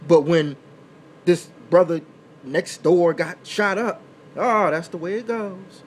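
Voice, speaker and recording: A man's voice: high-pitched, fairly even intonation, slow pace, a little hiss or hum. A man hosting a talk radio show, delivering an impassioned, preachy monologue from a small indoor room. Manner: impassioned and preachy, building to loud emphatic outbursts.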